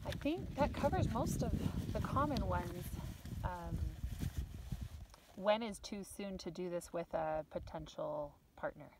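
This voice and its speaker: A woman's voice: on the low side, animated, unhurried, far from the mic, background noise. A woman co-hosting in casual chat outdoors on a sand dune, mostly putting in short replies and questions. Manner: brief interjections and questions. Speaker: co-host asking questions.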